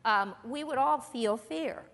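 This woman has a fairly high pitch, a fairly bright tone and some vocal fry, and she takes her time. She is teaching a Bible lesson to a church group in a meeting room, earnestly and conversationally, asking her listeners questions, with long hall reverb on the recording.

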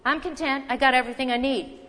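A woman's voice: high voice, steady tone, fast, a bit bright. A woman preaching a sermon, talking earnestly and emphatically, often asking the listeners rhetorical questions. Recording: long reverb from a hall.

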